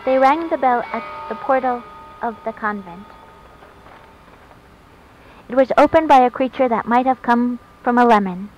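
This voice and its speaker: Woman reading a story, fairly high voice. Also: normal speed, long pauses, darkish tone, soft background music. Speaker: narrator. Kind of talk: reading a short story aloud. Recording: dull lo-fi recording, faint hiss.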